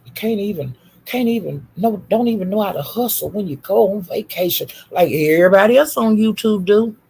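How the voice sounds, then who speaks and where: Gravelly, profane woman ranting. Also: medium pitch, a little fast, darkish tone. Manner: profane, scolding, repetitive insults. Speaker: YouTube commentator. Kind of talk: ranting commentary.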